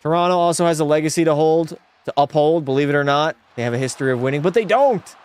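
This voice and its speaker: A man's voice: on the high side, fast, clean tone, dry recording. A young man live-streaming a hockey video game, chatting with viewers and giving blunt, opinionated takes. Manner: opinionated, blunt, reads chat aloud. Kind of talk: casual live-stream chat. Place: home room.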